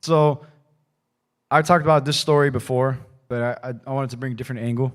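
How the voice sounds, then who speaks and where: Fairly quick and steady in tone, a man with a mid-range voice delivers a conversational sermon in church. As a pastor, he talks casually and loosely, often tacking on "like" and "right?".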